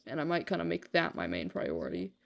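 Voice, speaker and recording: Speaking a little fast in a fairly low, sing-song, creaky voice, a young woman rambles through casual chat while gaming on a live stream. She uses lots of fillers, swears freely, and makes fun of herself.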